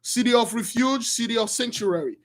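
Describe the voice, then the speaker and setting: High-pitched man retelling a story excitedly. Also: moderate pace. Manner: excited storytelling, shouting bursts and frequent restarts. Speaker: religious storyteller. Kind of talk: animated retelling of a scripture story.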